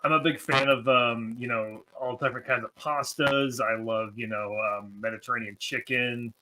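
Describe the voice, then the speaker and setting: A man in casual chat, halting and hesitant with his words. His voice is bright and a little tense, at a middle pitch. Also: fairly even intonation, poor audio. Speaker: podcast guest.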